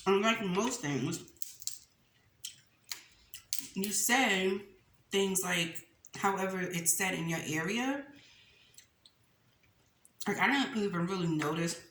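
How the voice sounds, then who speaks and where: A young woman hosts a mukbang, chatting casually and animatedly as she eats on camera, laughing often and calling viewers y'all. Her medium-pitched voice is slow, with long pauses. The room is echoey with faint noise.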